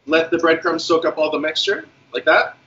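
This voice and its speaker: A man, a guest chef, explaining a recipe step by step in a relaxed way with many fillers. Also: fairly high pitch, fairly quick, muffled recording. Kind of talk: cooking demonstration.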